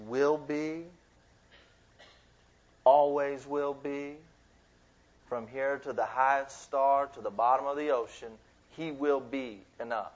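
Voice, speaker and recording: A man giving a sermon as a youth minister, in lively, conversational preaching with asides. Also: medium pitch. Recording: dull lo-fi sound.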